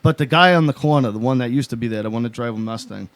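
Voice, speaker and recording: A man's voice: mid-range voice, racing, a little hiss or hum. A man in his thirties co-hosting a casual chat, telling stories with lots of swearing and acted-out quotes. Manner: animated storyteller, swearing, acts out quotes. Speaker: podcast co-host.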